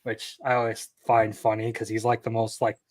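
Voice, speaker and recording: A young man co-hosting a casual podcast, speaking in a relaxed, easygoing way with frequent ums. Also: fairly low pitch, normal speed, no room sound. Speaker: podcast co-host. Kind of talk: casual chat.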